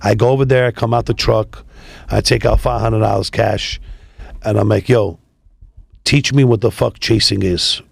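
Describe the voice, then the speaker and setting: A man, a tow business founder telling profane, animated stories in a casual interview. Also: lowish voice, normal speed, gravelly, husky, no room sound. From New York City. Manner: profane, animated street storytelling.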